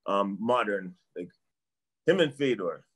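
A man's voice: fairly low pitch, expressive, unhurried, fairly bright tone, breathy edge. A middle-aged man from Canada, a martial arts trainer chatting casually as a guest, rambling and repeating himself. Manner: rambling, repeats himself, trails off with "I don't know". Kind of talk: casual sports chat.

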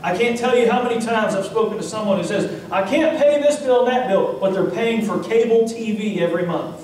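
A man preaching a sermon with a Kentucky accent, telling stories to his congregation and reading scripture aloud in an animated way. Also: high voice, a little fast, slight background noise. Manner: storytelling, animated, talks to the congregation. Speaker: pastor. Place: church sanctuary. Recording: echoey church hall recorded from a distance.

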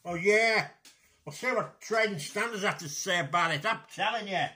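A man's voice: high voice, moderate pace, sharp tone. A man putting on a grumpy older man who rants and repeats himself in a comic one-sided phone complaint about a garage. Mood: exasperated. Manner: exasperated ranting, repeats himself and swears mildly.

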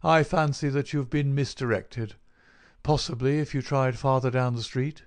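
A man's voice: medium pitch, steady tone, moderate pace, close to an everyday voice. A man voicing a big, bald, unctuous male swindler in an audiobook, his talk oily and mocking. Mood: smooth, dismissive. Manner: oily, made-everything-easy talk. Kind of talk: audiobook character reading.

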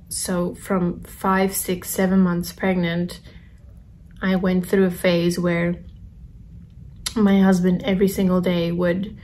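A young woman telling a personal story to camera while eating, in a soft, halting, confessional way with many pauses and ums. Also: lowish voice, slight background noise. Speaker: vlogger.

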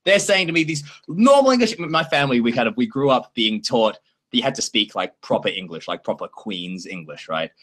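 A man's voice: medium pitch, a little fast. A man from Australia in his thirties, hosting a casual livestream chat with jokey, playful asides. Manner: animated, jokey, playful broken-English bits. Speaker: livestream host.

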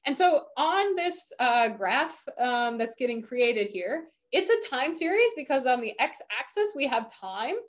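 A woman lecturer explaining course material in a recorded university lecture, filling pauses with "um" and checking in with "right?". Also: high-pitched, very animated. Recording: dull lo-fi lecture audio.

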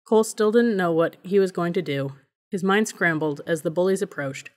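A woman narrating an audiobook in a measured, even reading voice. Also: lowish voice.

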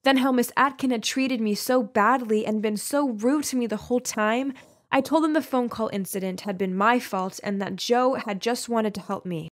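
A young woman tells an animated story in the first person as a teenage girl. Her delivery is chatty and conversational, and her voice sits a little higher than most women's. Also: normal speed. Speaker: story narrator.

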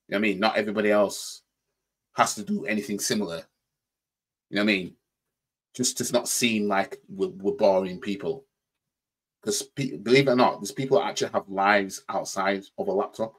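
Yorkshire bloke, reaction host, low husky voice, repeats himself, casual rant. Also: male voice, steady tone, fairly quick. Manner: repeats "you know what I mean", stammers on restarts; mocking mimicry in quoted voices.

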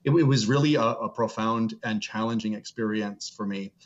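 A middle-aged seminary professor with a low-pitched voice joins an interview as a guest over a video call, which makes his voice sound dull and lo-fi. He earnestly tells reflective personal stories and slows down to stress a point.

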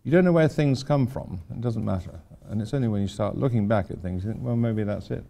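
An older man with a fairly low, mellow voice and some vocal fry gives an informal lecture as an architect. He speaks briskly, rambling through anecdotes sprinkled with wry asides.

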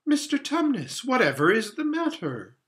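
A man's voice: sits high, wildly swooping pitch, normal speed, a bit bright, voice pushed up, exaggerated voice. A man voicing a kind, earnest young girl in a storybook reading, pleading and anxious. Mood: worried.

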